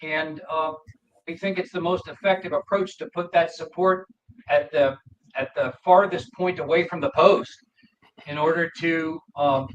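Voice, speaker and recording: A man appearing as a guest, explaining his product in a halting way with many restarts over a remote call. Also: on the high side, fairly even intonation. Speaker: guest, gate product maker. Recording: distant dull remote line with noise.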